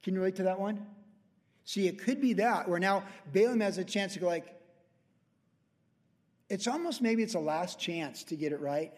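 A pastor with a high voice teaches scripture verse by verse, talking to the room like a friend and dropping into quoted voices. His words ring out with the long reverb of a large church hall. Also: normal speed, pauses often, a little mellow. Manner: conversational, acts out quoted voices.

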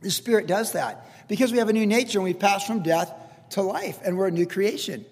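An older man preaches a sermon, his voice pitched high. He teaches in an earnest, conversational way, slipping in casual asides as his words ring out in a long, reverberant hall. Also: brisk. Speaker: pastor.

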